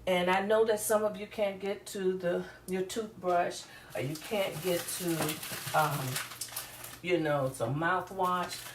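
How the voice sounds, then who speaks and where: A woman's voice: on the low side, steady tone, slow pace, a little hiss or hum. A woman giving a casual, chatty cooking demonstration and talking straight to viewers in a rambling way. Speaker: home cook. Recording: echoey room, voice from a distance.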